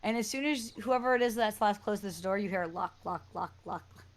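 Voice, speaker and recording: A woman's voice: mid-range voice, fairly quick. A woman narrating a tabletop role-playing game as game master, chatty and descriptive. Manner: casual, chatty, describes scenes with sound words.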